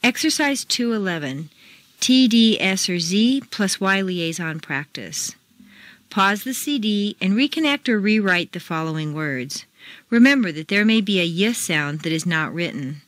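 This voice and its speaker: A woman with an American accent, a pronunciation teacher reading scripted lesson drills and instructions with deliberate, clearly enunciated delivery. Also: medium pitch, lively intonation, fairly bright tone, no echo. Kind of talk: scripted language lesson audio.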